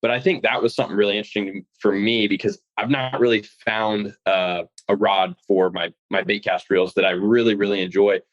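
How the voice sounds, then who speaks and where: Low-voiced man in casual chat. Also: brisk, few pauses, dull audio. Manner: relaxed, filler-heavy talker. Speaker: podcast co-host.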